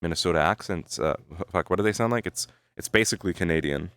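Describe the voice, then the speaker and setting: In clean studio audio without room sound, a male streamer talks fast in a low, fairly bright voice. Rambling casually to his chat while thinking aloud, he swears freely and keeps adding "right?"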